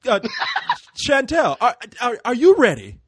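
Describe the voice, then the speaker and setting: An American man hosting a casual group podcast, loud, laughing and swearing freely. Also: extremely high pitch, huge pitch swings, a little slow, noisy background. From United States. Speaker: podcast host.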